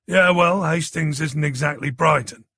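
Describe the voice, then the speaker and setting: A man's voice: fairly high pitch, moderate pace, sharp tone, dry recording, clean studio sound. A man reading an audiobook plays a laid-back middle-aged man, bemused by technology.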